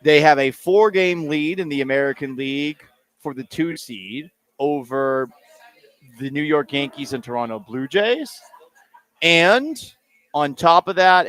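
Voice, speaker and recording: A man's voice: medium pitch, moderate pace. A man hosting a sports radio show, talking casually with jokes and rambling asides. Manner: animated, joking, rambling asides. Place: radio booth on location.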